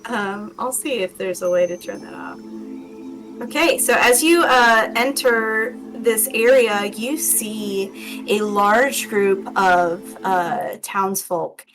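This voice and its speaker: Woman dungeon master, unhurried and halting, narrates scenes with lots of ums; faint music underneath. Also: mid-range voice, poor audio. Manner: slow and hesitant, with many ums. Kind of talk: narrating a tabletop game.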